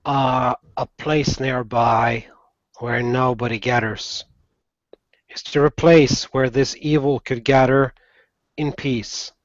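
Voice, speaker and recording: A man voicing an earnest, gentle gnome adventurer who speaks in a measured way, on a dry, slightly dull lo-fi recording. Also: medium pitch, fairly even intonation, no room sound, natural voice. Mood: probing.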